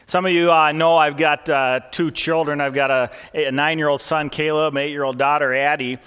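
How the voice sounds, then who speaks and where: A man's voice: on the high side, fairly even intonation, moderate pace, fairly bright tone, clear, resonant tone, in a large hall. A male pastor in his thirties preaching in a folksy, storytelling way, with frequent fillers. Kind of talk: sermon.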